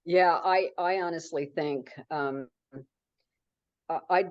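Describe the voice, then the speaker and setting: Very low-voiced woman author, dry dull sound. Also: slow, no room sound. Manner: warm, effusive praise with frequent restarts. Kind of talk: casual interview chat.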